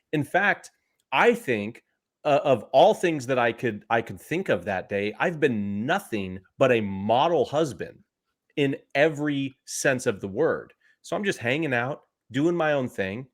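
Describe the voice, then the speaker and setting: A man in his thirties, a podcast co-host, telling a story in an animated, sarcastic way and laughing at his own stories. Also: mid-range voice, a little slow. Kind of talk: casual chat, storytelling.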